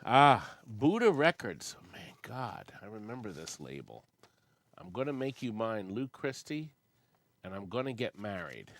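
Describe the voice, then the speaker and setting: A man's voice: on the low side, big pitch swings, normal speed. A man in his sixties hosting a casual chat, reading old record labels aloud and humming bits of songs. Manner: chatty, reads labels aloud and hums snatches of songs. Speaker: host of an amusement sales company show.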